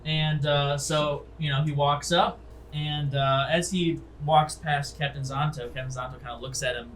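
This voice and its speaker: A man's voice: fairly high pitch, fairly even intonation, moderate pace, a bit bright, slight background noise, poor audio. A man narrating a tabletop game as game master, rambling along with many fillers.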